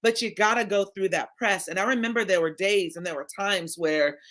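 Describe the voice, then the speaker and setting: A woman's voice: medium pitch, a little fast, a bit bright. A woman health coach speaking in a heartfelt, preacherly way, building her points through repetition. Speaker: health coach and team leader. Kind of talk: heartfelt casual conversation.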